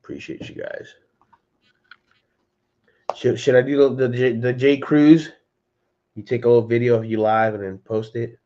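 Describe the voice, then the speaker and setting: Man, livestream host, casual chatter, mid-pitched voice, slightly muffled audio. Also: level tone, moderate pace, pauses often, warm tone. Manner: loose and chatty, addresses chat by name, says "dude". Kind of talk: casual livestream chat with viewers. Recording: slightly dull lo-fi stream audio.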